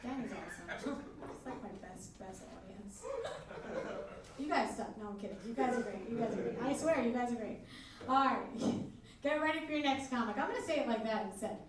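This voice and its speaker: Speaking briskly in a slightly high voice, this comedy club host jokes crudely and pokes fun at herself between acts. She's brash with the live audience. Crowd noise, a distant mic, and an echoey club room color the sound.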